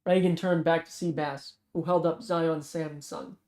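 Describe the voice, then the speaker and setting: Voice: mid-range voice, unhurried, echoey room. A reader narrating a thriller novel aloud in a casual way, often stopping to correct and restart phrases. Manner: steady narration with frequent self-corrections and restarts.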